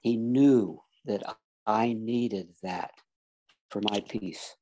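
A man's voice: on the low side, drawn-out words, warm tone, a little hiss or hum. A man earnestly telling a personal story in casual talk, acting out the other people's lines as he goes. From Florida. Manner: earnest storyteller, acts out quoted dialogue.

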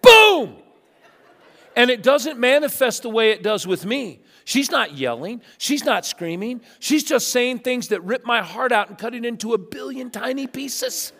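A male pastor preaching a sermon, telling funny stories and swinging between loud bursts and hushed asides. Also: very high voice, normal speed, hardly any pauses. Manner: animated storytelling with humor, swinging from loud to hushed. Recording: long reverb of a large hall.

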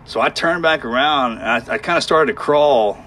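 Man recounting a harrowing ordeal haltingly. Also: medium pitch, fairly bright tone, slight background noise. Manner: halting, emotional, with sighs and restarts. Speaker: guest telling a war story. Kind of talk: candid storytelling in conversation.

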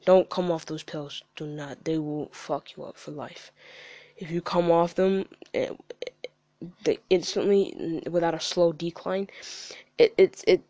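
A man's voice: on the high side, fairly even intonation, a little slow, dark tone, dry recording. A man hosting a podcast, giving blunt, casual advice with plenty of swearing. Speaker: podcast host. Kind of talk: candid podcast chat. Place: studio.

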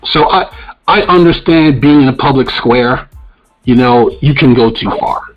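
A man talks bluntly and profanely as a podcast co-host, ranting in a casual, opinionated way. His voice sits at an ordinary middle pitch. The audio is dull and lo-fi, with faint music underneath. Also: moderate pace.

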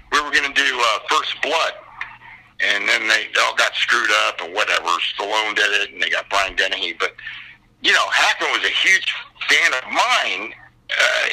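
An older man, a guest actor, telling stories in a casual chat on a call, profane and animated. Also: mid-range voice, gravelly, husky, poor audio.

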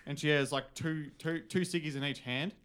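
A man's voice: fairly high pitch, fairly even intonation, normal speed, a bit bright, a little hiss or hum. A man telling an improvised story, hesitant with many ums and restarts.

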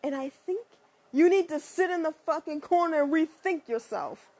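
A woman ranting in a blunt, profane and sarcastic monologue, leaping up and down in pitch. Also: moderate pace. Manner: animated, with sudden pitch jumps.

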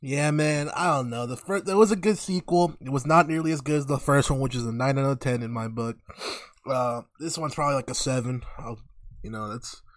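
Profane, excitable man gushing about a movie. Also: medium pitch, fairly quick, no echo, clean studio sound. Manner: profane, laughs often, excited retelling. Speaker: podcast co-host reviewing a movie. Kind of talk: casual chat.

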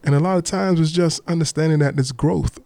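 Male podcast host, casual chat, mellow voice, playful. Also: on the high side, fairly quick, creaky, no room sound. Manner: laid-back, playful, repeats himself.

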